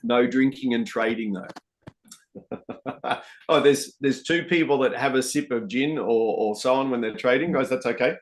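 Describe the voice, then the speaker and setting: A man commentates live trades for an online audience. He speaks in a relaxed, chatty way at a middle pitch and keeps calling viewers guys and mate. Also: moderate pace, slight background noise. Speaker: trading educator hosting a live session. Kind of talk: live-stream trading commentary.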